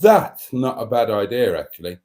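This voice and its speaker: A man's voice: medium pitch, big pitch swings, normal speed, a little mellow. A middle-aged man hosting a livestream, chatting casually and rambling through jokes and viewer comments with many fillers. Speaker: livestream host.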